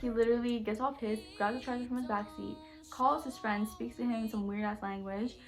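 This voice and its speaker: A woman's voice: fairly high pitch, brisk. Young woman ranting through a storytime, super blunt, says like and literally nonstop, faint music in the back. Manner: animated, blunt, heavy use of "like" and "literally". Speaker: YouTuber. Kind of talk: casual storytime.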